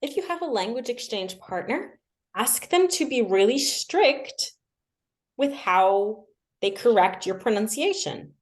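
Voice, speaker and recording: A woman's voice: fairly high pitch, very animated, unhurried. A young adult woman casually teaching language learning on a livestream, chatty and self-deprecating, with lots of fillers.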